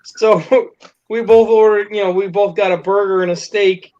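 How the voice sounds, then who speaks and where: A man's voice: high voice, fairly even intonation, normal speed, darkish tone. A man telling a story casually to friends, laughing, swearing and acting out the quotes. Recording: dull lo-fi recording with faint noise.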